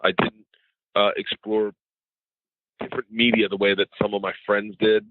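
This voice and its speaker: A middle-aged man, a comedian guest at home, telling rambling, animated stories in a casual interview. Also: lowish voice, moderate pace, no room sound. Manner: rambling, animated storyteller who mimics others in conversation. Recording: tinny phone-like line.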